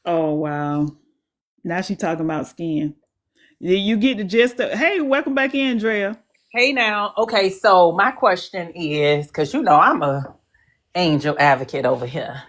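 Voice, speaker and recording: A woman's voice: on the low side, moderate pace. A woman hosting a live stream, reacting to a clip in loose, casual talk full of restarts.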